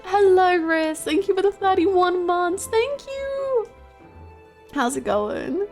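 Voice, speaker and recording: A woman's voice: very high-pitched, a little slow, darkish tone, soft background music. A woman streaming from home, chatting casually with her viewers, laughing often and greeting them by name in a playful, chaotic way.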